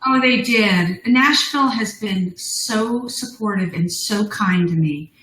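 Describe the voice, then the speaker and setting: A woman's voice: medium pitch, slow pace, a bit bright, echoey room, low-quality recording. A middle-aged woman, a business founder, telling her story as a guest in a live interview, bubbly and laughing often. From United States.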